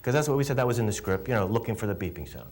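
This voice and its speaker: A middle-aged film director answering interview questions with emphatic, animated storytelling and repeated words. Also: male voice, on the low side, racing, slight background noise.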